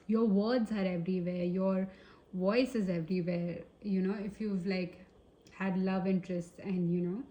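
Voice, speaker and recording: A woman's voice: medium pitch, dark tone. A woman with an Indian accent giving a casual tarot reading, hesitant and often searching for words. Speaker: tarot reader. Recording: roomy echo.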